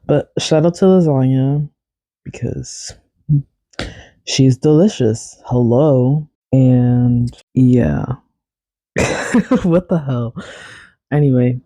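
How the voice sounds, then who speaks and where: A man's voice: medium pitch, slow pace, warm tone, no echo. A young man hosting a solo podcast, chatting casually and rambling, correcting himself with little laughs. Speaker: podcast host.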